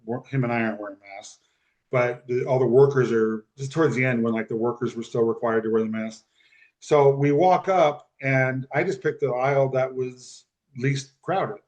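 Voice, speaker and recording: A man's voice: mid-range voice, moderate pace. A man telling a personal story on a podcast, acting out the voices of the people in it. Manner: animated storyteller who acts out quoted speech. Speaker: podcast guest. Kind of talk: storytelling in casual conversation.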